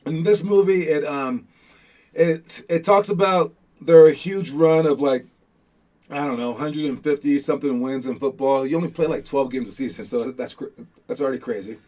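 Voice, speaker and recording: Young male host, slightly high voice, casual and rambling, talks a team through motivation with lots of restarts. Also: normal speed, a little mellow. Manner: rambling, many restarts and "all right?" check-ins. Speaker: host of a youth basketball show.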